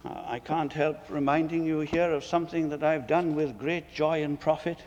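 A man preaching to fellow preachers with emphatic rhetorical questions, his voice soaring and then dropping to a hush. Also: fairly high pitch, steady tone, normal speed, highs cut off, a little hiss or hum. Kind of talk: sermon lecture. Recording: long reverb of a large hall.

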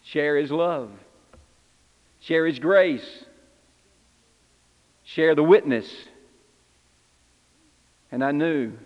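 A man's voice: fairly high pitch, very slow, long pauses, big-room sound, dull audio. A man preaching in character as Simon Peter, an impulsive, repentant fisherman, telling his story in first person with earnest, confessional feeling. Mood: exhorting. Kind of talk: first-person dramatic sermon monologue.

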